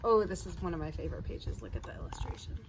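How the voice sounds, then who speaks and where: A woman's voice: on the low side, sing-song, fast talker. A woman reading a children's picture book aloud outdoors, chatting with young listeners between pages and acting out the animal sounds. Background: sirens and street noise.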